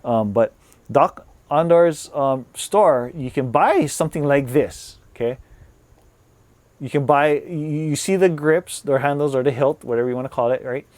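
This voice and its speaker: A man's voice: on the high side, normal speed, a little mellow, no room sound. A man casually chatting to his viewers as a vlogger, rambling and restarting his sentences. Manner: rambling, repeats and restarts words, says "like" often. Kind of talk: casual product review chat.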